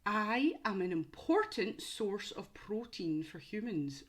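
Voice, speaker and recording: A woman's voice: mid-range voice, very animated, slow pace. A young woman teaching young children through a home-learning quiz, with exaggerated questions and encouragement. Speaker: primary school teacher.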